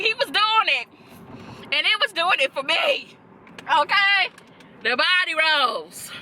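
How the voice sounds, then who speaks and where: A woman's voice: very high voice, sharp tone, a little hiss or hum. A young woman hosting a reaction video, talking in a sassy, profane, laughing way. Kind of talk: casual reaction chat.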